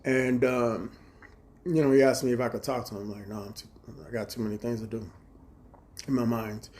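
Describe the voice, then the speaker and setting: A man in his forties rambles through a profane live-stream monologue, acting out heated arguments. His pitch sits mid-range. He sometimes drops into low mutters. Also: steady tone, brisk, a little mellow. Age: 40s. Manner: profane, agitated storytelling with reenacted dialogue. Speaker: livestreamer.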